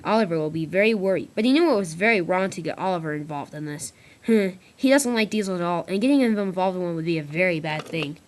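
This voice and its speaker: A woman's voice: on the low side, lively intonation, fast, slight background noise. A woman narrating a homemade toy-train story in a casual way, with small slips and restarts.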